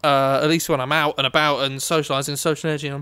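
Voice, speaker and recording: A man's voice: fairly high pitch, steady tone, fast talker, sharp tone, smooth, no echo. A young man, a musician, rambling energetically in casual chat and swearing freely.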